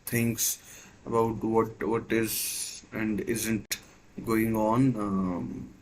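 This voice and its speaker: A man's voice: lowish voice, flat delivery, very slow, slight background noise, rough recording. A man hosting a live football watchalong, giving hesitant play-by-play with many fillers and restarts. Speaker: watchalong host. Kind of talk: live match commentary watchalong.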